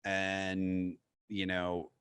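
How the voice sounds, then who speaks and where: A man's voice: low voice, monotone, very slow, fairly bright tone, clean tone, no echo. A man who is a comedian, talking as a podcast guest in a rambling, self-mocking way and swearing freely. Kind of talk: casual podcast chat.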